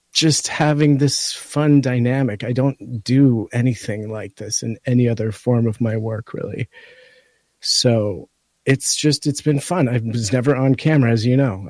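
A man co-hosting a podcast, talking in a halting way with many fillers. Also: mid-range voice, dry recording. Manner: warm, a bit choked up, halting. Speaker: podcast co-host. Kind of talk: casual heartfelt chat.

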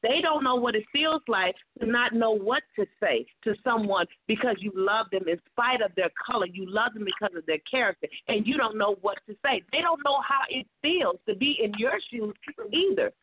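A woman's voice: on the high side, animated, normal speed, few pauses, dry recording, narrow, tinny audio. A woman hosting a call-in show, giving earnest, encouraging advice with preacher-like repetition. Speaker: radio talk show host, life coach.

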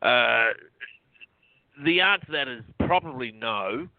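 A man's voice: medium pitch, lively intonation, measured pace, dry recording. A man being interviewed as a guest, chatty and rambling, laughing often between points. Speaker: guest, researcher. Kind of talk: casual phone-in interview. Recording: dry tinny phone line.

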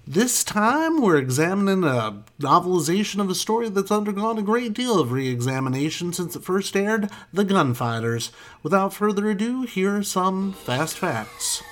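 A man hosting a podcast in casual chat, self-deprecating and quick to laugh. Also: high voice, very animated. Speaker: podcast host.

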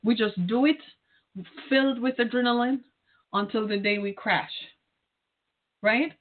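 A woman's voice: fairly high pitch, a little slow. A middle-aged woman speaking earnestly and directly to caregivers, repeating her key phrases as she urges and encourages them. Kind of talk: heartfelt direct-address talk. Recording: tinny phone-like line.

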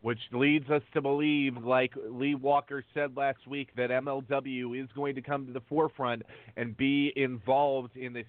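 Man with halting, filler-heavy delivery. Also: medium pitch, little pitch movement. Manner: halting, many fillers while reading names. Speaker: podcast co-host. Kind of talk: casual podcast chat. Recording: tinny phone-line sound.

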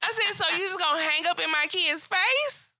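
A woman co-hosting a casual podcast chat, telling animated stories and acting out other people's voices. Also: extremely high pitch, moderate pace, no room sound, studio quality. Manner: animated storytelling with acted-out voices. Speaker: podcast co-host.

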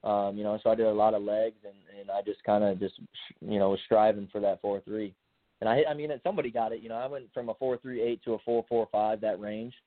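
A young man, a college football player, answering in a relaxed, laid-back way full of fillers. His voice sits a little low. It comes through a dry, tinny phone line. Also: quick pace, dry recording. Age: young adult. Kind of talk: casual interview answers.

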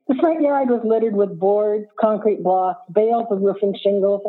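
A woman author reading her own short story aloud as steady narration. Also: mid-range voice, husky. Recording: phone-like audio line.

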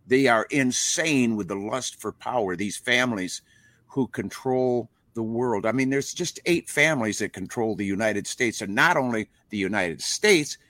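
A man's voice: mid-range voice, a bit bright, no room sound. Older man preaching with folksy fervor. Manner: preachy, impassioned, folksy grammar. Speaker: interview guest, rock musician. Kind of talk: casual interview over a live stream.

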